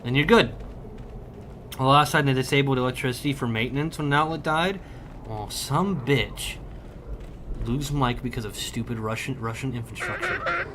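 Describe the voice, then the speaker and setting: A man's voice: mid-range voice, very animated, normal speed, over loud music. Profane, joking young male streamer. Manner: loud, profane, joking banter with chat. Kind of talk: casual livestream chat while gaming.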